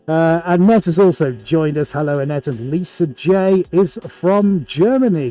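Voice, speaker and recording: A man's voice: on the high side, animated, moderate pace, hardly any pauses, mellow, faint music behind. A man hosting a live painting stream, chatting casually and greeting viewers by name with jokey asides.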